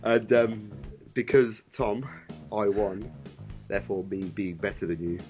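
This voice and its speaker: A man's voice: on the low side, fairly even intonation, a little slow, a little mellow, faint music behind. A man co-hosting a casual podcast, rambling and hesitant with many ums. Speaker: podcast co-host.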